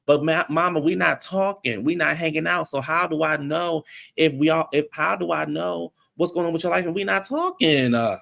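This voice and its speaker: A man giving casual, blunt recap commentary on a reality show, animated and slangy. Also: normal speed, vocal fry. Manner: animated, acts out quotes in high voices.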